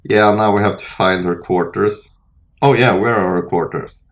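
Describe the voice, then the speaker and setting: A young man with a low, deep voice talks his way through a fantasy game in a relaxed, rambling way. He trails off, restarts, and comments casually on what he sees. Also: moderate pace. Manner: relaxed, rambling, self-interrupting. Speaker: let's play host. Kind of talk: casual gameplay commentary, reading dialogue aloud.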